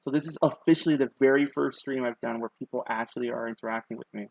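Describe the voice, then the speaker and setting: A man's voice: medium pitch, steady tone, fast talker, gravelly, darkish tone, no echo, poor audio. A young man with a lisp, chatting casually and rambling self-consciously on a live stream, with many ums and likes. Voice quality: lisp on his S sounds.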